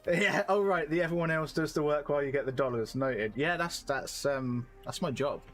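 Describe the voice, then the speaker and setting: A man's voice: a little high, moderate pace. Guy hosting a dev stream, teasing banter, faint music underneath. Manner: chatty, teasing, laughs often. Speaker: streamer host.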